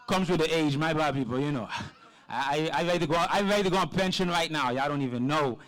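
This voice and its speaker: A man's voice: on the high side, quick pace, fairly bright tone. A man hosting a live poetry night, joking and teasing the crowd between acts. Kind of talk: live event hosting banter.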